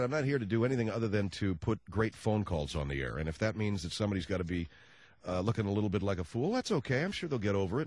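A male radio host with a lively, swinging delivery, wry and quick to sound exasperated. He speaks on a close studio mic with a dry, dead sound. The setting is a comedy talk show. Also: fairly low pitch, no room sound.

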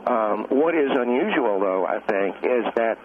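A youth minister calling in to a radio show, speaking in a measured, agreeable way with frequent pauses and ums. His voice comes through a thin, tinny phone line with clear hiss behind it. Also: medium pitch, lively intonation.

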